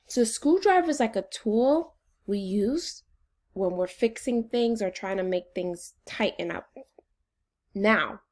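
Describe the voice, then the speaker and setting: Woman teacher doing phonics, slow n encouraging, sounds out every syllable, voice goes up and down a lot. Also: fairly high pitch. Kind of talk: phonics lesson for children.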